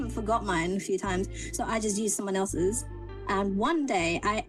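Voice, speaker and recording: A young British woman in casual chat, telling a story with animated quoted voices. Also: mid-range voice, measured pace, music in the background. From Britain. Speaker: guest.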